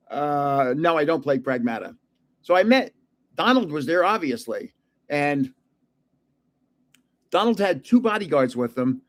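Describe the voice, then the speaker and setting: A man's voice: a little high, sing-song, slow pace, long pauses. Older man telling chuckling anecdotes. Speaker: card channel host. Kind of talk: casual storytelling chat.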